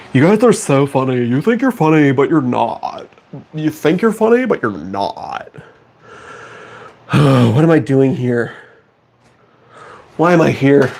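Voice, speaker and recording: A man's voice: mid-range voice, creaky, darkish tone. A man streaming from his home studio, bantering with chat in a sarcastic, mock-outraged and self-mocking way. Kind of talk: casual live-stream chat.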